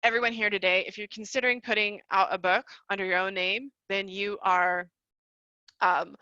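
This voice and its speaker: A woman teaching a live online class in a bright, forceful voice, chatty and quick to laugh. Her audio is dry and a little dull, like a computer mic on a video call. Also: mid-range voice, steady tone, no room sound. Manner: chatty, laughs often, calls listeners y'all. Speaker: online course host.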